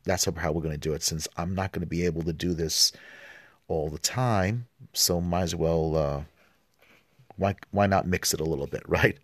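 A man hosting a podcast who reads the Mass prayers and scripture aloud, with relaxed, filler-filled asides between the readings. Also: sits low, moderate pace, dry recording.

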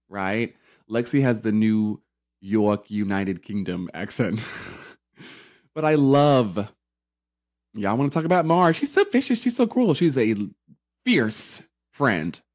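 Sassy podcast host in his thirties, mid-pitched, chatty and profane, reality-TV recap. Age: 30s. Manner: sassy, animated, profane, full of asides.

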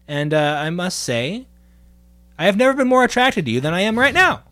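A man's voice: high-pitched, big pitch swings, fairly quick, bright, forceful tone, full character voice. A man playing a smarmy, awkward male gallery curator in an improvised comedy, rambling and flustered. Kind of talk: improvised comedy role-play.

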